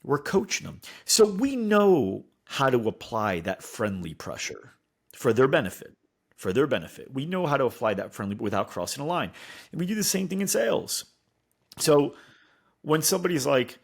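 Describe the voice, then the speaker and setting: A man co-hosting a casual podcast chat, animated, acting out other people's lines in changing voices. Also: mid-range voice, normal speed, husky. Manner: animated, acts out quotes in voices. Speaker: podcast co-host.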